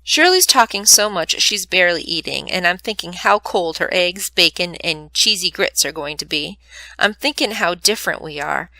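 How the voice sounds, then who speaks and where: A woman librarian reading a children's novel aloud in clear, expressive storytelling. Her voice is bright and sits close in a dry recording. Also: lowish voice, no echo, poor audio.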